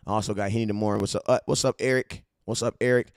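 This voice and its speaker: A man from California hosting a casual fan-show livestream, hyped and slangy as he shouts out his viewers. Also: on the low side, fairly even intonation, fast talker, dry recording, clean studio sound. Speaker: livestream host.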